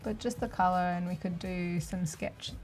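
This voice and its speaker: A woman's voice: fairly low pitch, fairly even intonation, moderate pace, darkish tone, faint music behind. A woman artist talking casually through a digital drawing demo, thinking aloud with fillers.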